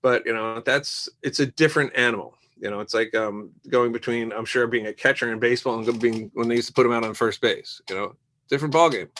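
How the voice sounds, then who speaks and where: A man in a casual podcast interview, telling animated stories about making music. He acts out quoted voices as he goes, and his voice sits at an everyday middle pitch. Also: fast. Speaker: musician guest.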